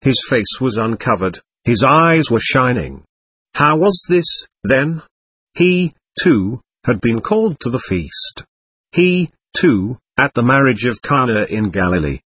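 A man narrating a literary audiobook in an expressive, dramatic reading. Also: medium pitch, unhurried, husky, dry recording.

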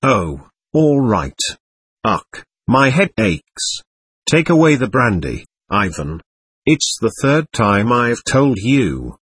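A man's voice: mid-range voice, sing-song, takes it slowly, fairly bright tone, breathy edge, dry recording, clean studio sound, full character voice. A man reading the part of a drunken, lecherous old man who rambles and needles his sons. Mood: quarrelsome. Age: older.

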